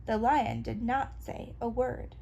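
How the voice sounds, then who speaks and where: A woman reading a children's story aloud in a calm, even storytelling manner. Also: fairly high pitch, slow pace, breathy edge, low-quality recording. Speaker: storybook reader.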